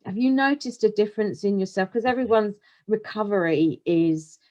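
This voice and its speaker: A woman's voice: mid-range voice, moderate pace, a little mellow, lo-fi sound. A woman co-hosting a podcast, asking reflective questions and offering support in a casual chat. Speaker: podcast co-host.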